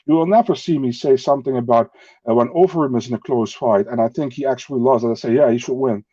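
A man's voice: mid-range voice, fast talker, dark tone, slightly rough, no room sound, dull audio. A man from the Netherlands, a native Dutch speaker, talking bluntly as a podcast guest in casual chat, with non-native phrasing and swearing.

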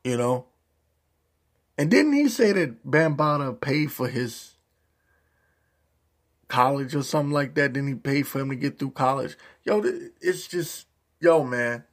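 Gravelly-voiced man ranting casually. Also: mid-range voice, measured pace, long pauses. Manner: profane, animated ranting with slang. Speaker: YouTube commentator.

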